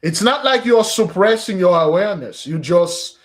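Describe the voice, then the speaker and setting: A man preaches on a fasting day in a high voice with lively intonation and normal speed. His teaching is emphatic and spiritual, sprinkled with street slang, and he addresses listeners as "beloved."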